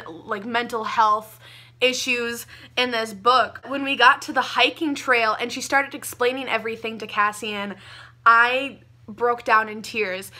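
A young woman gushing about a book she loved, talking casually and excitably with lots of "like" fillers. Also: on the high side. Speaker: book reviewer.

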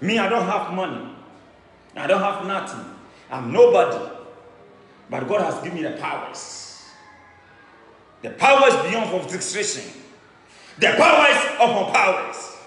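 A boastful Ghanaian-accented man declaiming as a traditional priest, his voice high, bright and sharply animated. He repeats phrases and swings from shouts to low mutters. The sound rings in a roomy hall with long reverb. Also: a little slow, pauses often. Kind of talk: fiery declamation. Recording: echoey room with long reverb.

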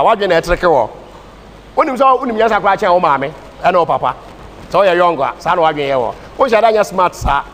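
A Ghanaian man teaching a Bible class in a sermon style, speaking with a Ghanaian English accent and mixing English with Twi in an emphatic preaching cadence. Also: high-pitched. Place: church hall. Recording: distant hall reverb with faint ambient noise.

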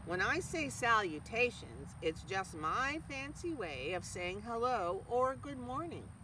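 A storyteller voicing a calm, kindly female spider who speaks slowly and gently. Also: mid-range voice, distant mic, background noise.

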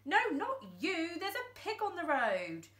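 Woman doing a panicky high young boy. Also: wildly swooping pitch, unhurried, fairly bright tone, exaggerated voice. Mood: panicked. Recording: roomy echo.

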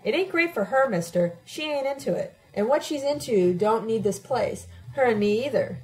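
A woman's voice: fairly high pitch, expressive, normal speed, pitched above the performer's own voice, natural voice, low-quality recording. A woman voicing a blunt, confrontational working-class man in an audiobook reading. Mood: challenging. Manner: blunt, challenging, ungrammatical street talk.

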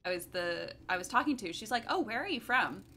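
Woman from San Diego, bright, crisp tone, animated storyteller, faint background hum. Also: medium pitch, a little fast. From San Diego, United States. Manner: animated storyteller, laughs often. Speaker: stream co-host. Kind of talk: casual stream chat.

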